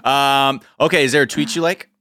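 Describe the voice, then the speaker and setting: A man's voice: mid-range voice, steady tone, moderate pace, bright, forceful tone, clean tone, no room sound, studio quality. A man hosting a podcast, chatting casually and joking, slipping into mock voices. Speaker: podcast host. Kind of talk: casual comedic chat.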